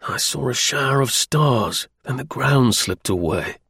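A man reading a first-person story aloud as an audiobook narrator, in a measured, wry storytelling manner. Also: mid-range voice, animated, vocal fry, fairly bright tone, breathy edge, no room sound, studio quality.

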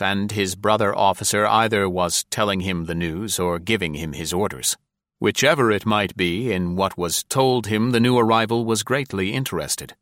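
Low-voiced male audiobook narrator. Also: fairly bright tone, dry recording, clean studio sound. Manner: measured, formal storytelling.

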